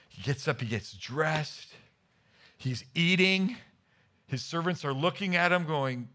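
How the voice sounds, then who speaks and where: A male pastor preaching a sermon, retelling scripture stories with animated acted-out voices. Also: on the high side, normal speed. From United States. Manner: animated storytelling, acting out the Bible characters' voices.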